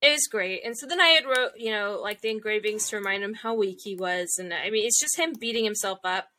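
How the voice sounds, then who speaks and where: Chatty young woman with a bright voice. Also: mid-range voice, brisk. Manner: chatty, many fillers, acts out quotes. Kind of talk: casual chat recapping an anime.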